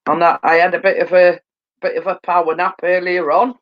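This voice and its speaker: A woman's voice: fairly low pitch, little pitch movement, fairly quick, dull audio. A woman hosting a casual livestream, tired and coming down with a cold, rambling with lots of fillers and repeated phrases. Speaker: livestream host. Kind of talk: casual chat. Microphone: phone.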